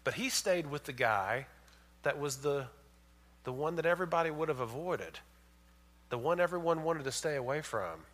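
Man, pastor, sermon, emphatic, bright tone, slightly high voice. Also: lively intonation, normal speed. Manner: emphatic, swings from loud and high to hushed storytelling.

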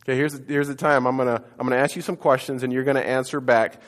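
A man preaching a sermon to his congregation, leading call-and-response and swinging between loud declarations and hushed lines. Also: medium pitch, steady tone, quick pace. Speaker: pastor. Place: church sanctuary. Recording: echoey church hall.

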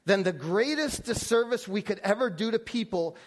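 A man with a notably high voice preaches in a loose, conversational way. He circles back on his words and keeps asking his listeners questions as he teaches. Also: lively intonation, normal speed. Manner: conversational, many restarts and rhetorical questions. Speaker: pastor. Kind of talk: sermon.

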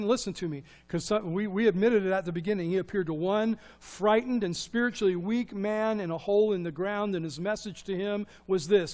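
A man preaching a sermon, animated and full of rhetorical questions, moving from loud to hushed. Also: high-pitched. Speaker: pastor.

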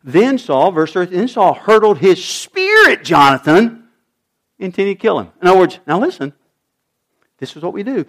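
A middle-aged man preaches with an animated delivery. His voice sits high and swings widely, climbing for emphasis and sinking low to drive a point home. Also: normal speed. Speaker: pastor. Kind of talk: sermon.

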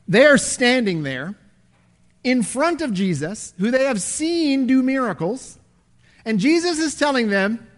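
High-voiced animated male preacher. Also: a little slow. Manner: animated, swinging between loud and hushed. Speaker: pastor. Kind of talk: sermon.

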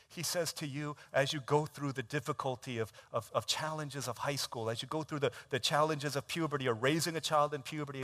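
A man preaching a sermon, retelling a film scene in a conversational way, dropping to a hush and rising to loud emphasis. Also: mid-range voice. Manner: conversational storytelling, swings from hushed to shouted. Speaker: pastor.

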